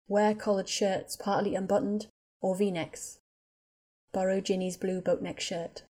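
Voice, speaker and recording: A woman narrating a fanfiction audiobook in a measured, quiet storytelling manner. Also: mid-range voice. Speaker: audiobook reader. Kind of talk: scripted narration.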